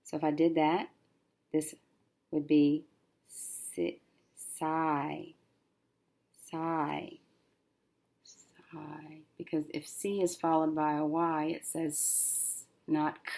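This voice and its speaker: A woman teacher working through a syllable-division lesson, thinking aloud and slowly sounding out each syllable as she writes. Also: sits low, level tone, vocal fry, mellow. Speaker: reading teacher.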